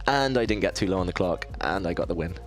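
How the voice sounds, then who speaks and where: Deep-voiced and expressive, a fast-talking man from southeast England chats with his viewers while streaming chess, faint music playing behind. He thinks out loud and gently mocks himself as the games go on.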